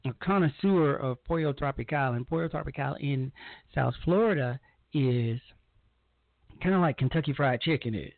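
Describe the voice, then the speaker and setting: A man's voice: medium pitch, moderate pace, creaky, no echo. Rambling man on a tinny line. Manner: rambling, repeats words and restarts often. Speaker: broadcast host. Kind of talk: casual monologue broadcast. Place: lives in Georgia. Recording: tinny phone-like line, dry.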